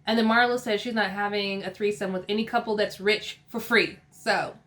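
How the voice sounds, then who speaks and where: A woman's voice: medium pitch, steady tone, moderate pace, fairly bright tone. A young woman from California giving a chatty, opinionated recap of a TV episode, laughing often as she talks. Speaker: TV recap host.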